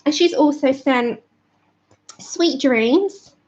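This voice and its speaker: A woman's voice: high-pitched, drawn-out words, a little mellow, slight background noise. A woman hosting a live colouring stream from home, chatty and apologetic, laughing often and greeting viewers by name while a little out of breath. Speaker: livestream colouring host. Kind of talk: casual live-stream chat. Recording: dull lo-fi stream audio.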